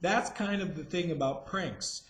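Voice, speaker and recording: A man's voice: on the high side, unhurried, fairly bright tone. Rambling man ranting in an echoey room. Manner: rambling, profane, full of fillers and restarts. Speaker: vlogger. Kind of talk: rambling commentary rant. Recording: roomy echo.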